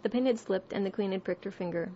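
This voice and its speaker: Brief: woman narrator, calm storybook reading, mid pitch, faint hiss. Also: quick pace, dull audio. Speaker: audiobook reader.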